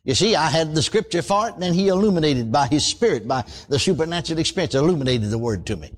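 An older man preaching a radio sermon in a folksy, animated way, calling for amens. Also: on the high side, quick pace.

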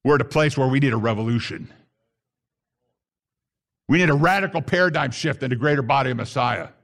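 A man preaching an impassioned sermon to a congregation, building to shouted emphasis at key points. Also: mid-range voice, expressive, fairly quick.

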